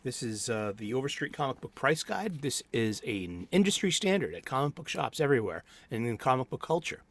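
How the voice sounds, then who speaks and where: In his home studio, a middle-aged host talks comic books on his own, meandering with frequent false starts and filler words. He speaks fairly quickly at a medium pitch with a sing-song lilt.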